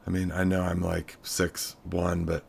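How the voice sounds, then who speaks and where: A man's voice: deep voice, monotone, a little slow, vocal fry, a little hiss or hum. A man hosting a music show, talking casually and unscripted to camera with many fillers and self-deprecating asides. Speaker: show host. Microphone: webcam-style camera close up.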